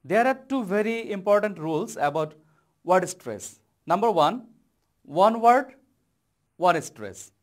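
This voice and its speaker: A man with a Bangladeshi accent teaching an English lesson, explaining slowly and leaning hard on key words. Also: high-pitched. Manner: slow, deliberate explaining with stressed key words. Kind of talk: televised classroom lesson.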